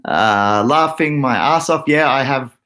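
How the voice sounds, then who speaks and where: An Australian man in his younger years talks at an easy, mid-range pitch. He hosts a casual livestream, reading chat messages aloud with frequent laughs. His manner stays relaxed and conversational throughout. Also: unhurried. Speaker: crypto livestream host.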